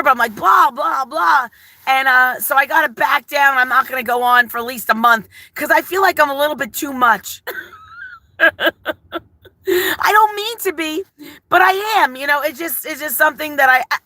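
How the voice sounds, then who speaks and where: A woman's voice: sits high, sharp tone, no echo, low-quality recording. Chatty, effusive older woman live-streaming. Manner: chatty, effusive, fast rambling talk. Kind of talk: casual live-stream chat.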